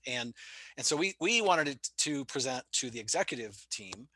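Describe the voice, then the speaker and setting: A middle-aged man, a sales trainer and podcast guest, telling stories with lively acted-out dialogue. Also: medium pitch, normal speed, no room sound. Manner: lively storyteller who acts out dialogue. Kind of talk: casual podcast interview.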